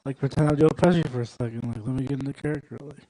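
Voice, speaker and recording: A young man doing a stand-up set at a comedy club, rambling and working the crowd with deadpan asides. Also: mid-range voice, rapid-fire, dry recording, low-quality recording.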